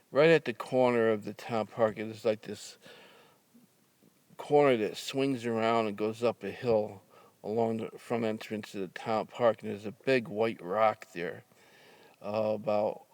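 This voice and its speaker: An older man casually telling a story from his youth, halting with fillers and restarts, with a dry sense of humor. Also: fairly low pitch, a little mellow, smooth, dry recording.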